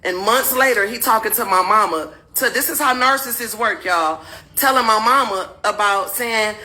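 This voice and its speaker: A woman's voice: on the high side, normal speed, rough recording. A woman telling her own story to viewers candidly and animatedly. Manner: animated, acts out quotes in raised voice.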